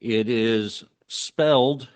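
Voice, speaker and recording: A man serving as county commissioner. He introduces and reads a formal resolution with some halting fillers. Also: mid-range voice, clean tone. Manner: halting, with fillers, then steady formal reading. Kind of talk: formal resolution reading at a public meeting.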